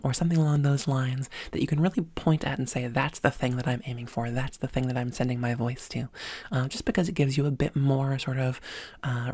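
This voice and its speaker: A woman's voice: rumbling low, dark tone, no echo. A woman voice coach talking at a desk microphone, explaining exercises step by step in an upbeat way. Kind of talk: spoken voice lesson.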